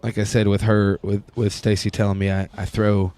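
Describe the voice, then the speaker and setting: A man with a fairly low voice hosts a relaxed podcast chat. He talks bluntly, swears often and pokes fun at himself. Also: moderate pace, clear, resonant tone. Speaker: podcast host, drummer.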